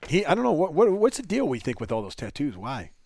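A man's voice: on the high side, huge pitch swings, fast, gravelly, a little mellow, breathy edge, dry recording, studio quality. Man rambling and joking on a podcast. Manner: joking, rambling, swears casually. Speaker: podcast host. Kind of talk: casual chat.

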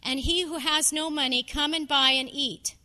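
A woman's voice: high-pitched, fairly even intonation, normal speed, pushed and bright. A woman preaching a sermon in a conversational, earnest storytelling way.

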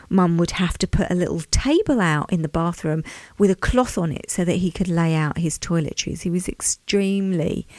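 A woman's voice: lowish voice, darkish tone, no room sound. Chatty woman, dry close sound. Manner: chatty and reflective, speaks directly to listeners. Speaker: podcast host. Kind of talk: casual storytelling monologue.

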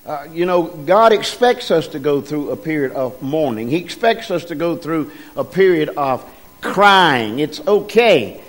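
A middle-aged man delivers a sermon in a somewhat high voice. He talks in a folksy, halting manner, full of ums and repeated words, slowing down to press on the key phrases. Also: lively intonation. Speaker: preacher.

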